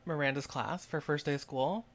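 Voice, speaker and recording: A man co-hosting a relaxed podcast alongside his mother. He talks in a loose, chatty way and drives the recap forward. He does most of the talking. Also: a little high, moderate pace. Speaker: podcast co-host. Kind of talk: casual podcast chat.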